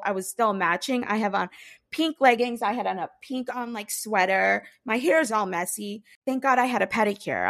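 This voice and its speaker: A woman with a fairly high voice co-hosts a casual podcast. She tells her family stories in an animated, excitable way. She sounds like a busy mom in her thirties. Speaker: podcast co-host. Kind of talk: casual chat.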